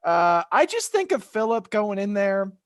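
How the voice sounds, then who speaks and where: A man hosting a podcast in casual chat, animated and laughing often, acting out scenes in voices. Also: high voice, a little slow, smooth, no room sound. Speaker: podcast host.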